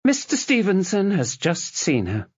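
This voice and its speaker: A male narrator voices a clipped, formal hospital nurse in an audiobook. The voice sits much higher than his own and moves slowly. Dull, lo-fi sound. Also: wildly swooping pitch, husky, no echo, full character voice. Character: brisk female hospital nurse.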